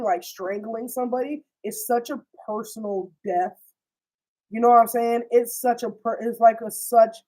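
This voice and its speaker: A young woman with a slightly high voice, talking through a show's plot in a loose, slangy storytime way. She swears freely and acts out the characters' lines as she goes. Her delivery stays animated the whole way through. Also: poor audio. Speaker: host recapping a TV series. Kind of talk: casual storytime chat.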